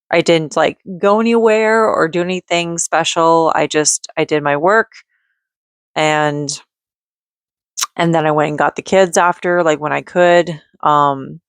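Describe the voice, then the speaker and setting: A woman with a lowish voice vents into the camera in a casual vlog. She rambles in frustrated bursts, full of "like" and "um". The sound is dry and close. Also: steady tone, slow pace, pauses often, clean tone, no echo. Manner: frustrated, rambling, talks in bursts with many fillers. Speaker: vlogger; mother and call center worker.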